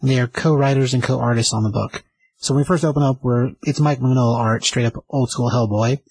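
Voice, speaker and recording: Casual comic reviewer, man, husky, rambling, dry room. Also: mid-range voice, steady tone, fairly quick, a little mellow, no echo, rough recording. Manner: rambling, enthusiastic summary with fillers.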